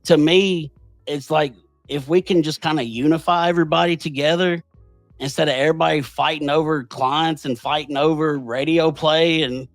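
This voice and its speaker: A man's voice: on the high side, fairly even intonation, normal speed, dry recording, faint music behind. A man, hosting a podcast and telling a personal story in an earnest, rambling way. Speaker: podcast host. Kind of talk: casual conversation.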